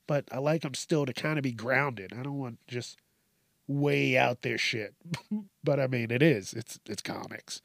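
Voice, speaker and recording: Slow-talking man, rambling podcast monologue. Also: medium pitch, vocal fry, fairly bright tone, dry recording, clean studio sound. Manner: rambling, profane, self-mocking. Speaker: podcast host. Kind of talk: casual solo monologue.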